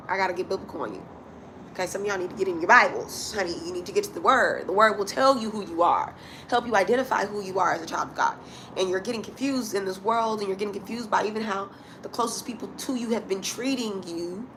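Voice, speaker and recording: Woman, mid-pitched, doing a spiritual reading in a preaching style, emphatic and fond of "honey", slight background hiss. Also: fairly quick, a bit bright. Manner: preachy, calls listeners honey and sweetie; emphatic, repeats lines for effect. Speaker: astrology and oracle card reader.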